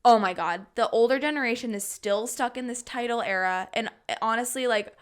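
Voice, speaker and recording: A woman's voice: on the high side, a little fast, clean tone. A woman in her twenties co-hosting a podcast, talking candidly and laughing often in casual chat. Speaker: podcast co-host.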